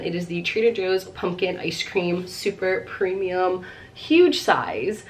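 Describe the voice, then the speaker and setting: A chatty woman vlogger with a lowish voice talks casually to her viewers, gushing with enthusiasm. She fills her sentences with "like" as she goes. A faint hiss of noise sits behind her. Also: poor audio. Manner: chatty, peppered with "like"; upbeat and gushing. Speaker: lifestyle vlogger. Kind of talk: casual chat to camera.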